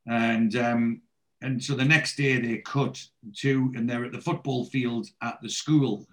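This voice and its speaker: A man of middle pitch recapping a TV episode in casual chat. He rambles along, swears freely and slips into the characters' lines as he goes. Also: steady tone, measured pace, fairly bright tone. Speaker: podcast host recapping a TV show.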